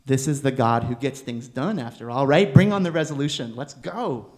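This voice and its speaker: A young man preaching a sermon in a gentle, conversational way, with bursts of emphatic exasperation. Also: medium pitch, normal speed. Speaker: preacher, seminary student.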